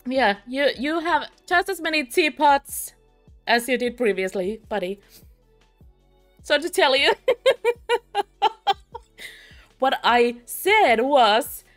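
A woman's voice: sits high, expressive, takes it slowly, long pauses, fairly bright tone, soft background music. A young British woman streaming a game, chatting with viewers, giggling often and poking fun at herself. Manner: giggly, laughs often, chatty and self-mocking. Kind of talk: live-stream game commentary.

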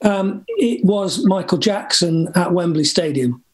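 A man's voice: high voice, a little slow, a little mellow. A man from England, a music producer guest speaking with wry humor. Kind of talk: casual interview chat.

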